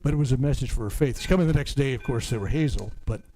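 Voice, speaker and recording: A man's voice: mid-range voice, racing, slight background noise, poor audio. Older man rambling through healing stories. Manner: rambling storyteller, stumbling restarts, drops to a hushed murmur for healing prompts. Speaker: faith healer reverend. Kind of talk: healing service with anecdotes. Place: church healing service.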